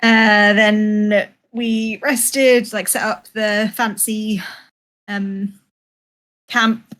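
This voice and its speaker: Slow, halting woman player. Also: medium pitch, steady tone, a bit bright. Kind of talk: casual recap in a tabletop game.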